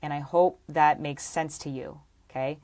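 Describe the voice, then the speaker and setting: A woman's voice: low-pitched, fairly even intonation, moderate pace, darkish tone. A woman fitness coach teaching to camera, pressing her points hard and checking in with "okay?" and "right?" after nearly every idea. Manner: emphatic, repeats points with frequent "okay?" and "right?".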